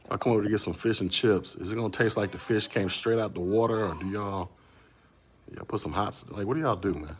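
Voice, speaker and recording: A man's voice: lowish voice, fast talker, a little hiss or hum. A man from Central Florida hosting a casual tech stream, rambling through stories and calling his viewers y'all. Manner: rambling storyteller, slangy, addresses chat as y'all. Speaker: tech podcast host. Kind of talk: casual livestream chat.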